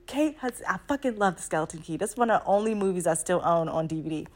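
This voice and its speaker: A woman talking at home at night in a rambling, excitable casual monologue, full of swearing and slang. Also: lowish voice, quick pace. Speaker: spiritual channeler.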